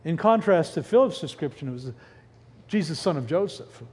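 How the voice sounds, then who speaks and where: High, lively preacher man in reverberant hall. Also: normal speed, slightly rough. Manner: animated, rhetorical questions, breaks off mid-word. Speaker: pastor. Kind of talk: sermon. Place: church sanctuary.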